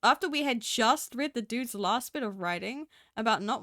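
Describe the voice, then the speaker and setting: A woman's voice: a little high, lively intonation, normal speed, fairly bright tone. A woman streamer in casual live-stream chat, swearing freely, laughing often and talking to her chat.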